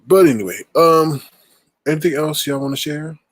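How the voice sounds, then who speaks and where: Teasing male host, husky and very dry sound, animated delivery. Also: fairly high pitch, moderate pace, no room sound. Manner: playful, teasing, makes bird calls. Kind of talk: casual chat.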